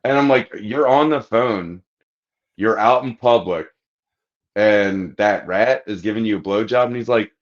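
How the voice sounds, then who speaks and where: A man's voice: mid-range voice, moderate pace. A man on a podcast telling a rambling, crude anecdote in casual chat, acting out the lines of the people in it. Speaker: podcast host. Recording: dull lo-fi podcast audio.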